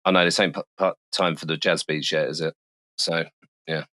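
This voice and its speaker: A man's voice: very deep voice, fairly even intonation, brisk, noisy background. A man with a London accent hosting a casual football podcast, swearing freely and fumbling through the results with self-mocking asides. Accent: London English. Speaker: podcast host. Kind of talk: casual chat.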